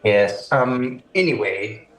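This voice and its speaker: A man's voice: on the low side, slow pace. Polite man playing a tabletop game. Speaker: player. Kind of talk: in-character tabletop play.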